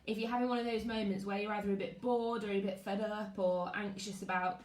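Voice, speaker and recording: A woman's voice: medium pitch, fairly quick. A woman teaching her class over a live stream from home, greeting pupils by name and chatting before reading aloud. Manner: lively, greets pupils, reads out comments. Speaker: primary school teacher. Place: at home, living room. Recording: echoey room.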